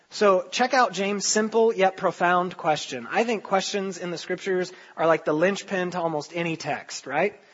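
A man's voice: high-pitched, a bit bright, breathy edge. A man preaching a conversational sermon as pastor, often checking in with the congregation. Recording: dull lo-fi sound.

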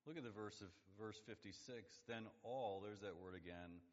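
A man preaching a sermon, building up to emphatic high points and dropping to hushed, low lines. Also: moderate pace. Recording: lo-fi sound in a long-reverb hall.

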